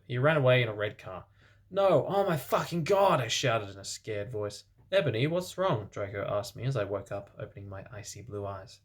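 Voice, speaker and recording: A man reading fan fiction aloud for comedy, deadpan, with sarcastic asides. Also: lowish voice.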